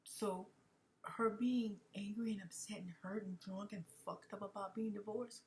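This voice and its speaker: A woman's voice: mid-range voice, fairly even intonation, slow, slight background noise. A woman giving an emotional commentary monologue, often dropping to a whisper and repeating herself. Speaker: commentary vlogger.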